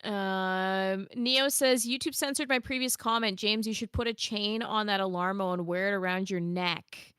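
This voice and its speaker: Young woman, bright crisp voice, playful, reads chat, dry close mic. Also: mid-range voice, dry recording. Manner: playful, laughs often, reads comments in quick bursts. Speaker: podcast co-host. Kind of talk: casual chat, reading live chat aloud.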